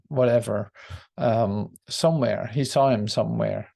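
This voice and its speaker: A man's voice: mid-range voice, slow, gravelly, warm tone. A man leading a spiritual study group, musing on scripture in a searching, reflective way.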